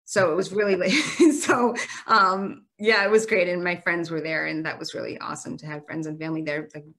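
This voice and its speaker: A woman with a fairly low voice tells her story as a podcast guest. She speaks earnestly and with feeling, and her run-on sentences tumble one into the next. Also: steady tone, brisk, fairly bright tone. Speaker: guest, marathon runner.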